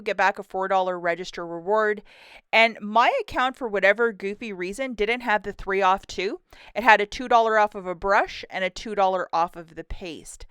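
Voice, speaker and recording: A woman runs her own couponing channel and, in a bubbly, upbeat, chatty vlog, goes through the week's store deals. Her mid-range voice is fairly bright, clear and resonant, captured in a dry, studio-quality recording.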